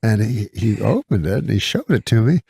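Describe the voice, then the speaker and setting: A middle-aged man telling a rambling deadpan anecdote with halting restarts as a comedian guest. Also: on the low side, vocal fry, slightly rough, no echo, clean studio sound. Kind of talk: casual anecdote on a podcast.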